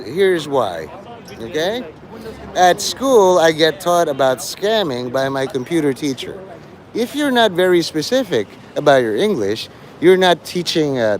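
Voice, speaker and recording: A man's voice: a little high, a little hiss or hum. Mocking, sing-song male streamer. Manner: mocking, sarcastic, profane. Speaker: live streamer. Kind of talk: rambling livestream banter.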